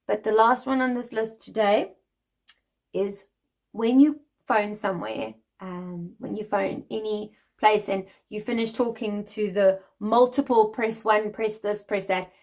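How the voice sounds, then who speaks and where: A woman's voice: mid-range voice, fairly even intonation, a little slow, darkish tone. A woman in her forties from South Africa with a South African accent, explaining things in a friendly, chatty vlog and laughing lightly now and then. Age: 40s. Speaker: vlogger.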